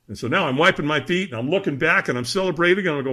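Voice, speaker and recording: Middle-aged male podcast guest, animated storyteller, high-ish husky voice. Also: very fast, few pauses. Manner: lively, acts out voices in his story.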